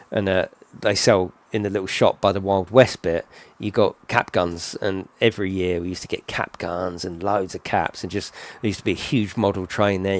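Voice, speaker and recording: A middle-aged man giving casual, rambling game commentary full of tag questions. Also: low-pitched. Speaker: gaming channel host.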